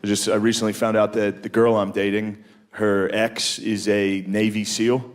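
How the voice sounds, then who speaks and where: A man performing a stand-up monologue on a large stage, telling stories in a deadpan way and slipping into put-on voices. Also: on the low side, moderate pace, slight background noise. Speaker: stand-up comedian. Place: large theater stage with live audience.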